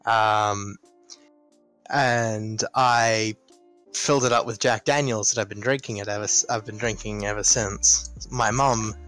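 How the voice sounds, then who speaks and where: A man's voice: on the low side, fairly even intonation, a little slow, fairly bright tone, faint music behind, rough recording. A young man from Australia telling stories in casual, profane chat over an online voice call. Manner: profane, rambling storyteller. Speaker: podcast co-host.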